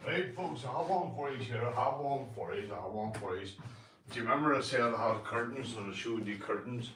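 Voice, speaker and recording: A man's voice: medium pitch, animated, brisk, a bit bright, a little hiss or hum. A Northern Irish man chatting casually on a live stream, slangy and swearing freely, calling everyone mate. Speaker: livestreamer. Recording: roomy echo.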